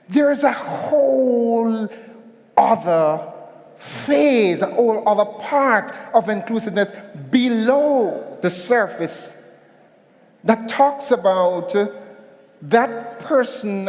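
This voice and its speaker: A man delivers a motivational keynote from a hotel conference stage, drawing the audience in with a story and asking them to answer back. His high voice swings widely and he speaks slowly. A long reverb from the large hall hangs on every phrase. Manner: animated, storytelling, calls on the audience.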